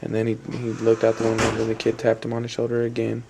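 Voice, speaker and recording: A man's voice: medium pitch, completely flat delivery, quick pace, vocal fry, background noise. A young adult man telling a long story in a rambling, repetitive way, with fillers and restarts. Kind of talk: spoken storytelling.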